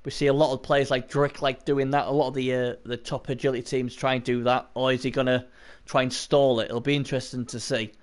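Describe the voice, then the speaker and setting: A man's voice: mid-range voice, level tone, fairly quick. A man giving casual live-stream commentary on a tabletop sports video game, rambling and chatting to viewers between points.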